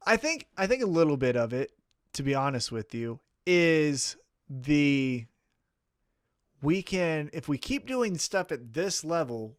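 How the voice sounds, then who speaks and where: A man's voice: fairly high pitch, dry recording, clean studio sound. A man co-hosting a wrestling podcast in casual chat, talking with profanity and acting out mock quotes.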